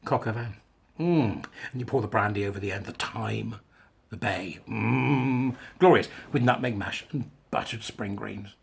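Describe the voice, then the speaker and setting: A man's voice: fairly low pitch, a little slow, vocal fry, slightly rough. A man giving a chatty, self-mocking video monologue to camera. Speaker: online commentator. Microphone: camera mic.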